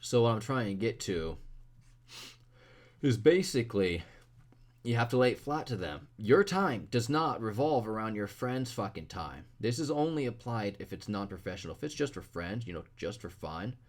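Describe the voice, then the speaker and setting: A man's voice: on the low side, very animated, normal speed. Blunt, profane young man ranting. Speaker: artist. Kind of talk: ranting vlog advice.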